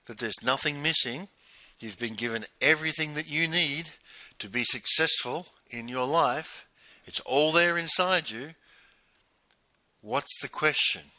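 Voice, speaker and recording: A male coach talks straight to the listener in a bright, forceful tone. He leans on repetition and rhetorical questions. The sound is dry and close, with no room around it. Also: on the high side, measured pace, no echo. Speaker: business coach. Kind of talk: motivational monologue.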